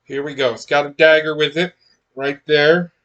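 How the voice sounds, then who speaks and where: A man's voice: on the high side, steady tone, moderate pace, fairly bright tone, muffled recording. A man chatting casually as he unboxes miniatures, rambling with many fillers and restarts. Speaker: miniatures collector unboxing blind boxes.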